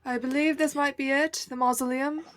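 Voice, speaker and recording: A woman with a high, light voice plays a tabletop game in casual chat. She is upbeat and eager. She states her moves readily. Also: steady tone, a little fast, fairly bright tone. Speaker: player.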